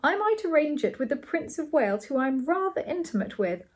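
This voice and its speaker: A woman's voice: sits high, big pitch swings, brisk, voice pushed up. A woman reading as a pompous male earl. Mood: lofty.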